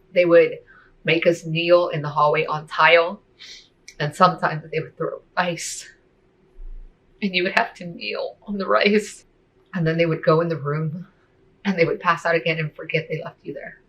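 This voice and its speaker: Woman giving a personal testimony, bright tone, pretty flat delivery, lots of "like" and "you know". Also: low-pitched, rough recording. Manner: soft, hesitant, with many fillers.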